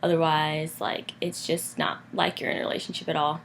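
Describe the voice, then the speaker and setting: A woman's voice: sits low, little pitch movement, a little fast, gravelly, slight background noise. A young woman vlogging in casual chat with her boyfriend, talking loosely with lots of fillers. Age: young adult. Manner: chatty, lots of "like" and "um".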